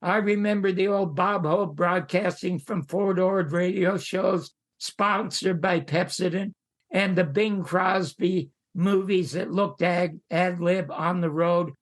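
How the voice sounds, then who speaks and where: Older man telling a lively showbiz anecdote. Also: high voice, slow pace. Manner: animated, acting out the voices of the people he quotes. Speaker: podcast guest. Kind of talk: anecdotal storytelling.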